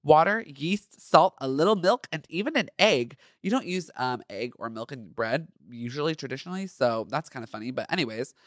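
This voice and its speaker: A man's voice: medium pitch, expressive, a little fast, hardly any pauses, a bit bright, dry recording, clean studio sound. A man hosting a podcast, reading his own fan fiction aloud and breaking off into campy, sassy asides. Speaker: podcast host.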